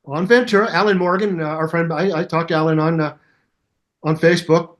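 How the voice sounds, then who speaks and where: An older man, a bass teacher, telling stories in a casual interview and scatting bass lines aloud to show exercises. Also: a little fast. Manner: animated storyteller who scats bass lines aloud. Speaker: bass teacher and musician guest.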